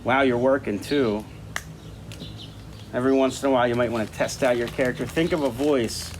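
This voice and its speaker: A man's voice: medium pitch, a little fast, a little hiss or hum. A man who teaches art, talking casually and thinking aloud while he draws. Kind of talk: casual talk-along art lesson.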